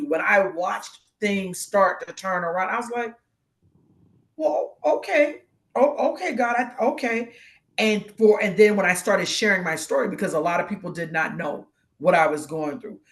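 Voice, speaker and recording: A woman guest co-host giving a personal testimony on a live show, animated and acting out the voices of the people in her story. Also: fairly low pitch.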